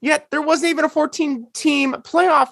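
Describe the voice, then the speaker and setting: A man's voice: very high-pitched, fairly even intonation, normal speed, gravelly, a bit bright, dry recording, studio quality. A man co-hosting a podcast, ranting sarcastically in casual chat. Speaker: podcast co-host.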